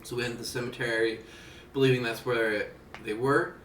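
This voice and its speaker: A man who plays in a tabletop game recaps the last session in a steady storytelling way. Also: medium pitch, brisk, a little hiss or hum. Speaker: player. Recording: echoey, distant mic.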